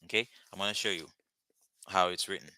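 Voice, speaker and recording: A man's voice: sits low, steady tone, brisk, sharp tone, dry recording. A man teaching a live language lesson, patiently repeating words and phrases for his students.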